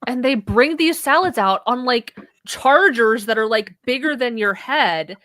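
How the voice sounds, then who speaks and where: A woman's voice: a little high, animated, measured pace, a bit bright, no echo. Earnest, emotional woman co-host, dry sound. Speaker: podcast co-host. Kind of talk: casual chat.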